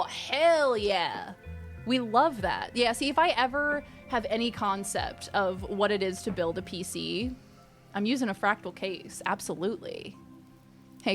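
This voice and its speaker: A young woman streamer chatting casually, reading and answering her chat with sudden squeals of excitement. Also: medium pitch, moderate pace, soft background music.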